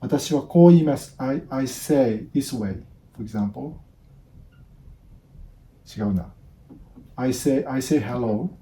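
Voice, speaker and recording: Slow, dark-voiced Japanese man in his 50s. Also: mid-range voice, slight background noise. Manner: halting, repeats words, many restarts. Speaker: language teacher. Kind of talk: casual spoken lesson.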